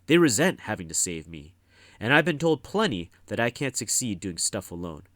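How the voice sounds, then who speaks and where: A man's voice: lowish voice, big pitch swings, normal speed, a bit bright, dry recording, clean studio sound. A man doing an earnest teenage hero.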